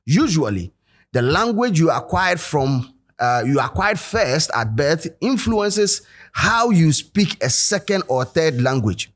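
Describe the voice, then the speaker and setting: A man's voice: on the high side, very animated, slow pace. Ghanaian man hosting a commentary. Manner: switches between English and Twi, reads quotes aloud. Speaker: host. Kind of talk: commentary video.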